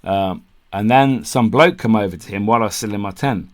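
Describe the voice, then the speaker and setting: This podcast co-host has a lower-side voice and talks fairly quickly. In loose conversation he tells a lengthy camping tale, swearing without restraint, performing other people's lines, and breaking into laughter mid-story.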